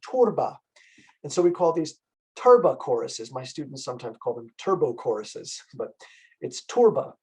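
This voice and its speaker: A man's voice: a little high, breathy edge, poor audio. Man giving a lecture on music. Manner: explanatory, asks the audience questions. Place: library event.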